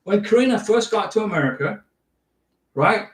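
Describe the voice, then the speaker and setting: A man's voice: sits high, expressive, moderate pace. A man hosting a casual livestream Q&A, talking chattily, repeating himself and giving emphatic step-by-step instructions. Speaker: livestream host answering viewer questions. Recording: roomy echo, distant from the mic.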